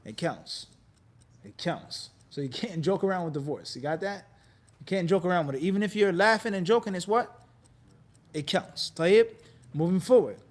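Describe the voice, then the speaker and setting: A man with a high voice teaches a classroom lesson on religious law. He keeps the room engaged by quizzing students mid-sentence and playing out quick scenes to make each point stick. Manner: animated, quizzes class with repeated "what?" prompts; acts out quoted people in lively bits. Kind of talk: classroom lecture.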